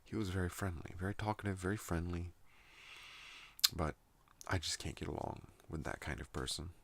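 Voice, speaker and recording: A man hosting a soft-spoken ASMR channel, rambling at home in a soothing, unhurried monologue. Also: low-pitched, creaky. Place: at home in a trailer.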